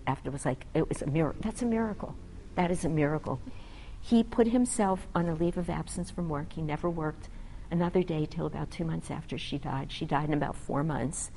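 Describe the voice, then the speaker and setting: A woman's voice: deep voice, warm tone, slight background noise, rough recording. A woman physician earnestly telling a story about a patient, reflective and acting out the conversation between them. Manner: earnest, reflective, acts out dialogue.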